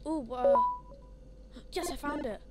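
A woman's voice: high-pitched, a little slow. A woman playing a horror game, easily startled and pleading with a companion. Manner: jumpy, frequently startled and shrieking; coaxing a companion in a soft voice. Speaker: gaming streamer. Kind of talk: horror game let's play. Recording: game music loud behind voice. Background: loud game music.

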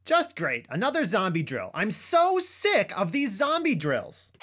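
A woman's voice: medium pitch, wildly swooping pitch, unhurried, a bit bright, heavily acted. A woman voicing a grumpy chipmunk in a children's puppet comedy who just wants a nap, with a cranky, exasperated way of talking. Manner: cranky and exasperated, sighing complaints.

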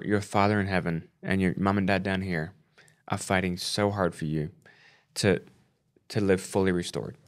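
A man in his forties co-hosting a parenting podcast, speaking haltingly with repeated words as he holds back tears. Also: deep voice. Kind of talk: emotional podcast conversation.

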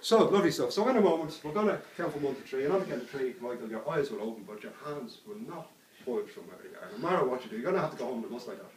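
A man's voice: mid-range voice, animated, very fast. A man working as a street hypnotist, talking a subject into a trance with coaxing, repetitive suggestions. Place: outdoors on a street. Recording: roomy, distant mic with faint background noise.

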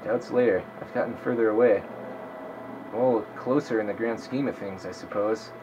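A man's voice: on the low side, steady tone, moderate pace, highs cut off, noisy background. Swearing young man narrating his gameplay. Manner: swears a lot, talks to himself while playing. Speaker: gameplay commentator. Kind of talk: casual let's-play commentary.

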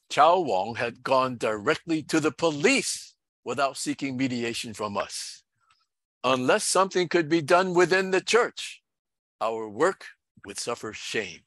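Male pastor, middle-aged, even mid-range voice, dry close sound, measured storytelling. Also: mid-range voice, no echo. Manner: measured, earnest storytelling with quoted dialogue. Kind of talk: storytelling sermon.

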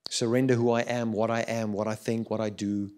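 A middle-aged man with a South African accent preaching a sermon, swinging between loud urging and quiet reflection. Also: fairly low pitch, flat delivery, a little fast. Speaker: pastor.

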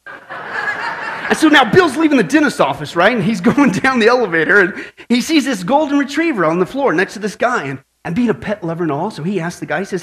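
A man's voice: high-pitched, animated, a little fast, fairly bright tone. A man preaching a sermon to a congregation, telling jokes and stories and asking "right?" often. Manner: playful storyteller, asks the crowd "right?". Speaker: pastor.

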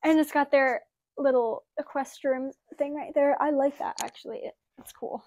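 A young woman with a bright, high voice chats through a casual home unboxing. She gushes with excitement, sounds a little out of breath, and leans on "like" and "oh my gosh" as she talks into a wireless mic. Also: moderate pace. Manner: gushing, excitable, many "like" and "oh my gosh". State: slightly out of breath. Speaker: vlogger.

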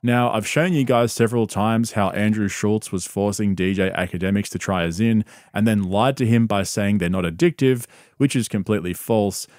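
A man reads a scripted commentary video in a measured, explanatory tone. His voice sits a little low, and the sound is dry and close. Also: a little mellow, dry recording. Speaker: online commentary narrator.

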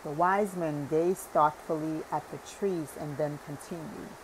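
A woman narrating a parable audiobook at a slow, deliberate pace. Her low voice carries a gravelly fry, with a faint hiss of noise behind. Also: fairly even intonation. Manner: deliberate reading with occasional self-corrections. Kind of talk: scripted narration.

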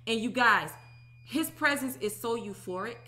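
Bright-voiced woman telling a testimony. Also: fairly high pitch, normal speed. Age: 30s. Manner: animated, emphatic storytelling with repeated "okay?". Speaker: religious teacher. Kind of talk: personal testimony talk.

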